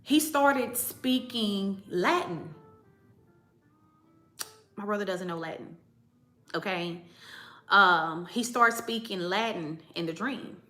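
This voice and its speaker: A woman's voice: medium pitch, takes it slowly, long pauses, bright, forceful tone, soft background music. A woman hosting a spiritual channel, telling a personal story in a chatty, emphatic way and speaking straight to her viewers. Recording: echoey room.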